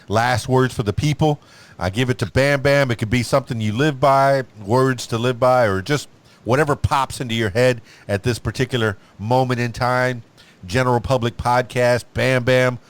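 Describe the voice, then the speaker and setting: A man's voice: mid-range voice, moderate pace. A man hosting a podcast in casual chat, wrapping up with upbeat radio-style patter. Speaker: podcast host.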